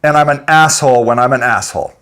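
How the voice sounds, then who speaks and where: A man's voice: mid-range voice, fast talker, fairly bright tone, smooth. A man delivering an angry, profane, unscripted rant to his audience, breaking into laughter between points. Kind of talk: unscripted ranting monologue.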